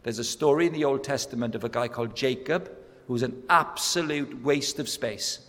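A man preaching a sermon, telling stories with acted-out voices and building to loud, emphatic peaks. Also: medium pitch, moderate pace. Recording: echoey hall sound.

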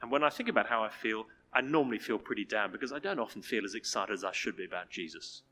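A man preaching a sermon, telling stories with a lively delivery and closing in prayer. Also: on the low side, fast talker, in a large hall. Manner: lively storytelling, drops to soft close.

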